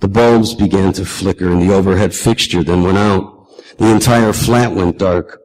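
A man reading literary fiction aloud in a measured, reflective way. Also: low-pitched, fairly even intonation, darkish tone, long reverb tail, rough recording. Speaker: reader.

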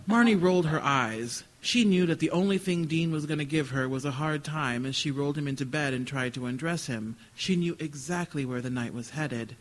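A man reading literary fiction aloud at a live event. His voice sits somewhat high for a man. He tells the story in a dry, wry way. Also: normal speed, hardly any pauses, poor audio. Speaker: author reading.

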